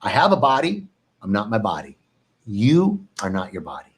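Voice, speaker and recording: A man giving a reflective meditation talk on a live stream, calm and repetitive, now and then lifting his voice to act out anxious thoughts. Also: fairly low pitch, normal speed, slightly rough. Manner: calm, reflective, repeats phrases, swings into animated mock panic. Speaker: meditation teacher.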